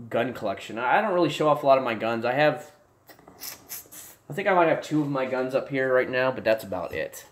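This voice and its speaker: A young man hosts a casual livestream from a room at home. He rambles through viewer comments, stumbles and restarts his sentences, then jumps into loud, excited bursts. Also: medium pitch. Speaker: livestream host. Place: home room with desk and gear.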